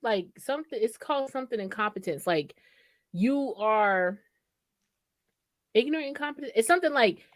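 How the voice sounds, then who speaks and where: A woman co-hosting a casual chat show, animated and fond of acting out quoted voices. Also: on the high side, moderate pace, long pauses, no room sound. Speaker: podcast co-host.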